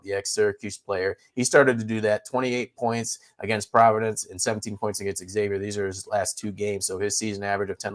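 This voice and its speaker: A man with a fairly low voice lays out his college football and basketball picks. He talks in a steady, analytical way, rattling off point spreads and records. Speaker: sports betting analyst. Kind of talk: sports betting picks breakdown.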